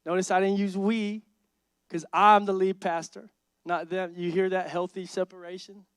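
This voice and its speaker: A man preaching a sermon as lead pastor, energetic and emphatic, repeating lines and building intensity. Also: high voice, moderate pace, smooth, no room sound, studio quality. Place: church sanctuary.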